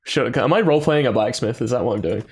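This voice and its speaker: A man's voice: mid-range voice, lively intonation, fast, husky. A man giving casual, jokey let's-play commentary and reading game text aloud. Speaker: gaming YouTuber. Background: game soundtrack music.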